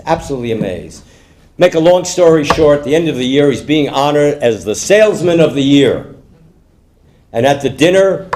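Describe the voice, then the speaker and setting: An older man telling jokes to a live audience in an animated storytelling manner. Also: mid-range voice, noisy background. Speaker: stand-up comedian.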